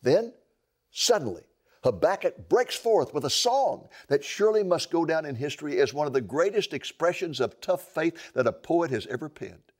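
A man's voice: a little high, lively intonation, moderate pace. A male preacher delivering a sermon, building drama with rhetorical questions.

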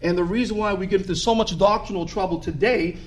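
A man's voice: high voice, steady tone, quick pace. A middle-aged man with a Boston accent, telling his story as a guest in an earnest, emphatic way. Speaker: ministry founder, guest. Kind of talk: interview testimony.

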